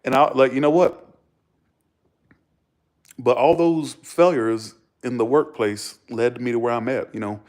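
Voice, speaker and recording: A man telling stories to camera in a casual vlog, blunt and profane, animated and chuckling between remarks. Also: medium pitch, a little slow, pauses often. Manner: blunt, profane, animated storyteller who acts out arguments. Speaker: vlogger.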